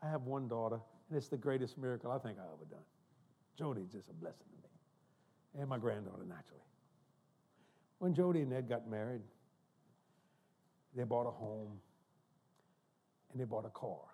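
An older man preaching a sermon, telling folksy, humorous family stories in an animated way. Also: mid-range voice, normal speed, long pauses, husky. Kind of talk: storytelling sermon. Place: church.

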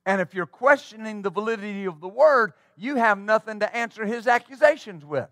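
A man preaches with fervor, his voice pitched high for a man. The sound is dry and close, with no room around it. He drives his points home and throws quick asides to the congregation. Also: expressive, fairly bright tone, no echo. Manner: fervent preaching with call-and-response asides. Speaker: pastor. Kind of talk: sermon.

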